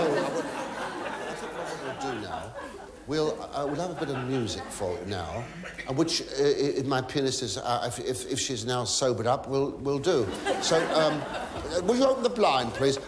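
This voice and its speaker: In a noisy, roomy live theatre recording full of audience laughter, a male comedian with a mid-range voice tells a story on stage. He stammers, mutters gossipy asides, and suddenly shrieks and mock-pleads with the audience.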